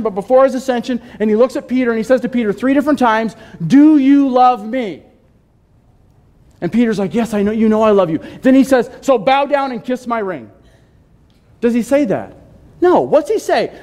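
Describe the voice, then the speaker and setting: A man with a high-pitched voice preaches to his congregation. He talks in a casual, conversational way and often asks the listeners questions. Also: darkish tone. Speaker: pastor. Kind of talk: sermon. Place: church sanctuary.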